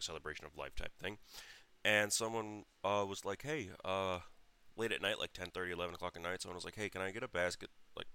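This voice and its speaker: Low-voiced man telling a blunt, profane story. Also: sharp tone, clear, resonant tone. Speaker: podcast host. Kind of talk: casual storytelling.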